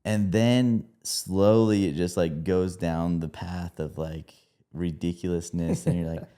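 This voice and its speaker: A man's voice: low voice, steady tone, unhurried, mellow. A man co-hosting a movie review podcast, chatting casually, rambling with plenty of fillers and laughing often.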